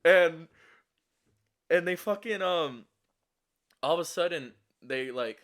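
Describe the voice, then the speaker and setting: A man's voice: fairly high pitch, takes it slowly, long pauses, a bit bright. Shaky young man rambling through a story. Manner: rambling, profane, with many restarts and fillers. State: shaky and anxious. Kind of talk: casual storytime.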